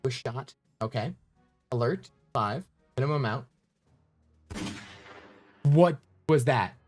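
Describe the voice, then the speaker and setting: A flustered male streamer talks through his stream settings, rambling and thanking viewers as he goes. His voice sits at an ordinary middle pitch, and faint music plays behind him. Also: animated, slow, a little mellow. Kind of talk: live-stream chatter.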